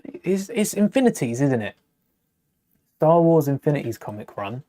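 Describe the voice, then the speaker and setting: A man's voice: a little high, big pitch swings, moderate pace, mellow. A young man hosting a casual live stream, chatting and thinking aloud while building, often correcting himself mid-sentence.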